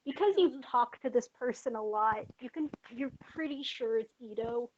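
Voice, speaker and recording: A woman running a tabletop game as game master, with brisk, matter-of-fact narration and rules calls. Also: on the high side, darkish tone, dry recording. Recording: muffled lo-fi mic with faint hiss.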